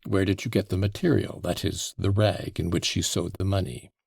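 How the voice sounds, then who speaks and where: A man reading an audiobook, voicing a calm male official who questions a suspect in a measured, pointed way. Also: low-pitched, creaky, husky, no echo, exaggerated voice. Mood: probing.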